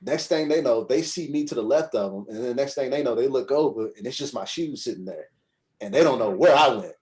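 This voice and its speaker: A man with a medium-pitched, darkish voice speaks animatedly and a little fast as a podcast guest. He tells a story in a rambling, conversational way, constantly checking in with "you know what I'm saying."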